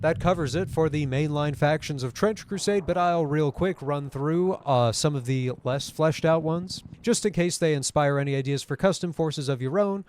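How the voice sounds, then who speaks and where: A man's voice: a little high, normal speed, hardly any pauses, darkish tone. Wry man narrating a gaming video essay. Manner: wry, conversational asides. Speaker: YouTube host.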